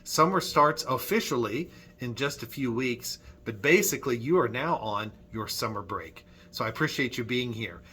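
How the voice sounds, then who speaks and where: A man's voice: medium pitch, lively intonation, normal speed, sharp tone, husky. A man leading a children's Sunday school music lesson at church, friendly and patient, clapping and chanting rhythms.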